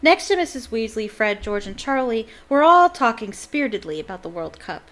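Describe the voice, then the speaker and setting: A woman's voice: a little high, big pitch swings, normal speed, fairly bright tone. A woman reading a novel aloud on a livestream, with chatty, self-correcting asides to viewers. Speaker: livestream book reader. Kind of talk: reading aloud with casual chat.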